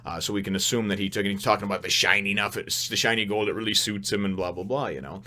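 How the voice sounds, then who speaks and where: A man's voice: lowish voice, very fast. A young man giving a casual, rambling spoken review of a manga chapter, full of fillers and restarts. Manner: rambling, animated, many fillers and restarts, laughs often.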